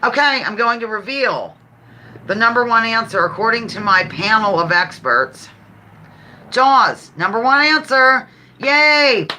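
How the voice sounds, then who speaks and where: A woman hosts a casual live-stream game show and chats easily with her viewers. She reads their answers aloud and giggles often. Her voice is bright and swings freely up and down. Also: mid-range voice. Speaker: livestream host.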